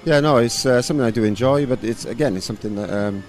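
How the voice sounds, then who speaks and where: A man in his thirties, a rugby coach, answering interview questions in a relaxed, rambling way with lots of fillers. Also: mid-range voice, fast talker, soft background music. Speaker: rugby coach and former player.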